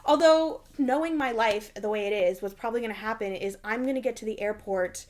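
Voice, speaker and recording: A woman in her thirties co-hosts a podcast and tells a story during a casual chat, animatedly acting out the voices of the people she quotes. Her voice is fairly high and she speaks a little fast.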